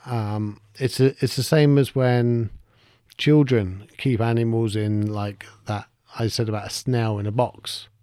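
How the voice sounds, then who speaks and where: A man talks through his thoughts alone on his podcast, reflective and unhurried in his reasoning. His voice is warm and mellow, and the recording is close and dry with no room sound. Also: mid-range voice, steady tone, clean tone, no room sound. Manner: reflective, explains step by step, thinks aloud. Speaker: podcast host. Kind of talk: solo podcast monologue.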